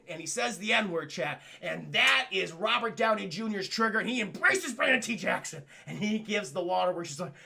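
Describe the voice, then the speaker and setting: A man's voice: high-pitched, fairly quick, gravelly. A man casually recapping a film for his live-stream chat, swearing often and talking to the chat directly. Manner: profane, excitable, keeps addressing the chat.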